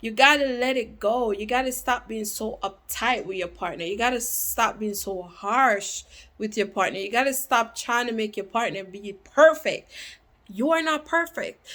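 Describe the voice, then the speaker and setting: A woman giving relationship advice to viewers in an animated, preachy, playful way. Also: fairly high pitch. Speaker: relationship vlogger. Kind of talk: casual advice monologue.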